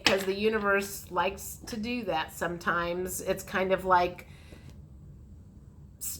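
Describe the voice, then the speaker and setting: A woman's voice: medium pitch, fairly bright tone. A woman giving a frank, chatty tarot reading, speaking straight to the viewer. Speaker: tarot reader. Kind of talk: casual tarot reading to camera.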